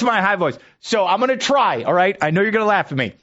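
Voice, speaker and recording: A man's voice: high voice, sing-song, fairly quick, few pauses, a bit bright. A man hosting a radio show, chatting eagerly with his guest in a casual interview. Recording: dull lo-fi video call audio.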